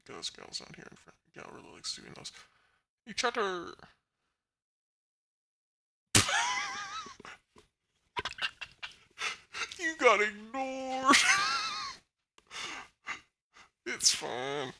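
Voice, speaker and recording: A woman's voice: on the high side, very animated, measured pace, heavy background noise. A woman chatting casually to her live stream chat from her room at home, laughing often and talking to viewers. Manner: giggly, chatty, talks to chat. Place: bedroom at home.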